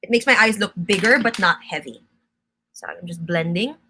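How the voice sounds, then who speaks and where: Bright-voiced woman. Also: medium pitch, moderate pace, a little hiss or hum. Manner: chatty, instructive, answers viewer comments. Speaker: makeup brand host. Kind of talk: live-stream makeup tutorial.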